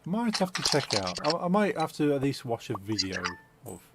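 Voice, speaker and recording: A man's voice: medium pitch, big pitch swings, brisk, heavy background noise. A man streaming a game, chatting casually and hesitantly with lots of fillers and restarts. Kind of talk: casual gaming chat.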